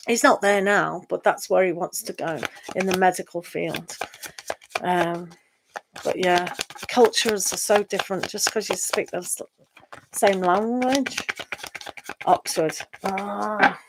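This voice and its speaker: There's a noisy background behind this English tarot reader, a middle-aged woman with a mid-range voice and British accent. She chats casually with viewers on her live stream, sighing, laughing and stretching her words out slowly.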